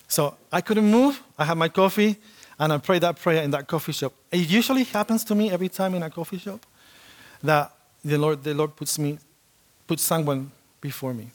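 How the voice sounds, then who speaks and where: A man delivers a sermon, telling a personal story in an animated way and acting out the voices of the people in it. His voice sits a little on the high side for a man. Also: brisk. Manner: animated storytelling, acts out quotes. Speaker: preacher.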